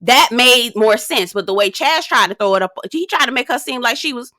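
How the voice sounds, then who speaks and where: A woman's voice: on the high side, fairly quick, no echo, clean studio sound. Sassy woman recapping reality TV. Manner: sassy, animated, drops into quoted voices. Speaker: reality TV reviewer. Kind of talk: casual commentary recap.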